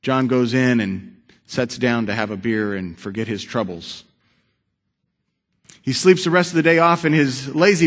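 Male preacher, sermon story, dramatic and varied, medium pitch. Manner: dramatic, varied delivery, swinging loud and hushed.

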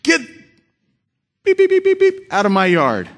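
A man voicing a surly, hostile man who shouts at his neighbor. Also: a little high, big pitch swings, measured pace, full character voice. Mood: furious. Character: angry, resentful young-ish man with a broken arm.

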